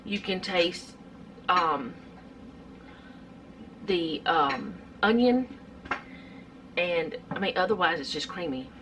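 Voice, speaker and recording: A woman's voice: fairly low pitch, animated, takes it slowly, pauses often, a bit bright, a little hiss or hum. A middle-aged woman, chatting casually through a home cooking vlog in her kitchen, rambling with lots of fillers.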